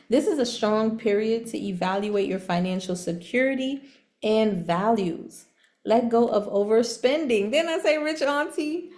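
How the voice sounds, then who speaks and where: A woman giving a casual tarot reading, chatty and animated, laughing often and using relaxed slang. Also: mid-range voice. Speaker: tarot reader.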